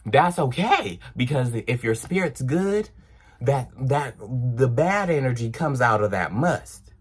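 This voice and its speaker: A young man telling a personal story in a casual storytime vlog, animated and acting out the people in it. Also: medium pitch, husky. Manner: animated, acts out voices, drawn-out exclamations. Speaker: vlogger.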